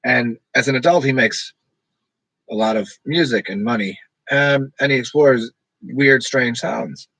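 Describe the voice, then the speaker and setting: Husky, rambling man on a dry stream. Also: medium pitch, measured pace, dry recording, rough recording. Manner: rambling, self-described monotone delivery. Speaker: streamer talking to live chat. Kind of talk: casual rambling livestream chat.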